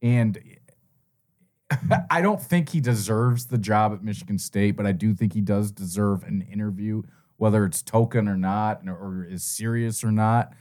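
A man's voice: fairly low pitch, moderate pace. A man co-hosting a sports podcast, rambling through his views on college football in casual chat. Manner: rambling, animated. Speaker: co-host.

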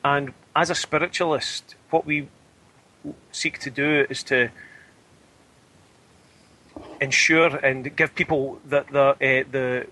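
A man's voice: mid-range voice, steady tone, bright, forceful tone, rough recording. Thoughtful Scottish man as radio guest. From Scotland. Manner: measured and thoughtful, searching for words. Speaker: spiritualist medium, guest. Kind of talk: radio interview answers.

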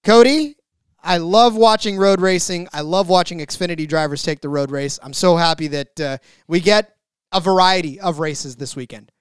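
A man co-hosting a sports betting podcast, excitable as he reads out bet lists, stammering at times. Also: on the high side, normal speed, clear, resonant tone, no room sound, studio quality. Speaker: podcast co-host. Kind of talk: casual sports betting chat.

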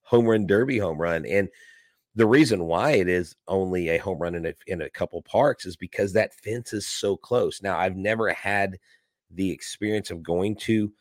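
A man with a very deep voice riffs and teases his co-host on a sports podcast, in an easy, joking way. His voice sounds dry, with no room sound. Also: moderate pace, no echo. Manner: joking, teasing banter. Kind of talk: casual sports podcast chat.

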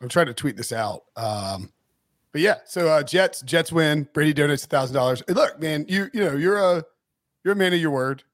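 A man with a fairly high voice co-hosts a sports podcast, chatty and laughing easily as he trips over his words. The sound is dry and close, with no room echo. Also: animated, moderate pace. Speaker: podcast co-host. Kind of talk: casual sports podcast chat.

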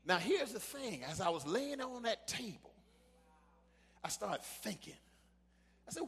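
A man preaching a sermon, shouting his points and then dropping low to tell a personal story in a casual, conversational way. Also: very animated, unhurried, gravelly, long pauses, breathy edge. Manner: shouting preacher who drops to a quiet storytelling voice. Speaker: pastor. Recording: long hall reverb.

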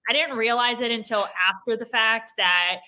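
Female co-host, chatty storyteller, crisp bright tone. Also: on the high side, normal speed. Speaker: podcast co-host. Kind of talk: casual chat.

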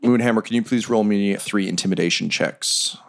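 A man narrating a tabletop game as game master, with quick, lively narration. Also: lowish voice, gravelly.

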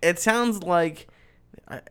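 A man's voice: high-pitched, slow, a bit bright. A man in a casual podcast chat, speaking hesitantly and choosing his words carefully.

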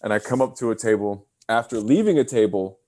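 A man's voice: fairly low pitch, fairly quick. A man in his thirties on a video call, telling stories in casual chat and acting out the voices of people he quotes. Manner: animated storyteller, acts out quotes. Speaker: podcast guest.

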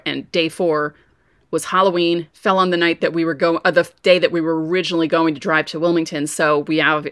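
Chatty low-voiced woman, dry sound. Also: dry recording. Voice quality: voice prone to going hoarse. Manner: chatty storyteller, lively asides. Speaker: podcast co-host. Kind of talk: casual sports chat.

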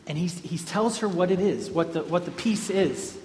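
Speaking to a group in a reverberant hall with faint ambient sound, a high-pitched man delivers a casual devotional talk at a moderate pace with hardly any pauses. He's a meandering storyteller who keeps backing up to restart and fix his words, and the background is noisy.

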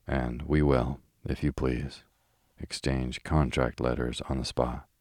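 A man reading the lines of a brisk, decisive American millionaire, curt and matter-of-fact, in a calm audiobook style. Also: a bass voice, no echo, studio quality.

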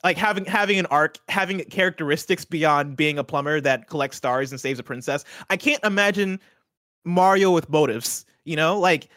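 A man's voice: a little high, moderate pace, pushed and bright, dry recording, studio quality. A man co-hosting a casual chat show, earnestly laying out a theory with many restarts. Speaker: show co-host.

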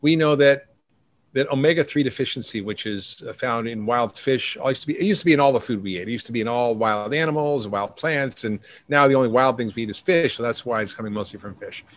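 A man's voice: mid-range voice, quick pace. Man rattling off long lists. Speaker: functional medicine doctor, guest. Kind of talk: podcast interview.

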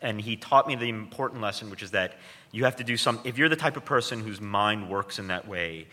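On stage before an audience in a large hall, an author and guest is interviewed about his book in a lowish, pushed, bright voice, speaking a little fast. He jokes and makes fun of himself, restarting his sentences many times.

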